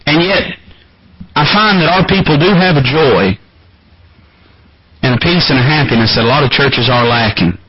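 A man preaching a sermon as pastor, emphatic and climbing higher in pitch to drive points home. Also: expressive, normal speed, pauses often. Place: church sanctuary. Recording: muffled lo-fi church recording with congregation.

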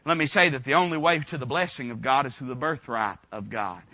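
A man's voice: medium pitch, a little fast, no room sound. A man preaching a sermon in a folksy, conversational way, full of rhetorical questions. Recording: dull dry recording.

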